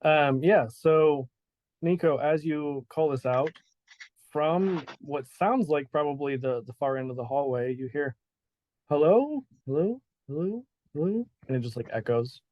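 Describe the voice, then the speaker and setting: Brief: man game master, mid-pitched, dry close sound, easygoing and chatty. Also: steady tone, measured pace, dry recording, highs cut off. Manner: laid-back, laughs often, many "like" fillers. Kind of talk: narrating a tabletop game.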